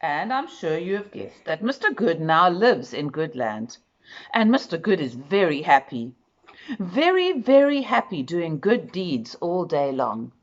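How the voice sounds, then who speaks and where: A woman reading a children's picture book aloud, expressive and speaking directly to the listener. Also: low voice, a little slow, highs cut off. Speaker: storyteller.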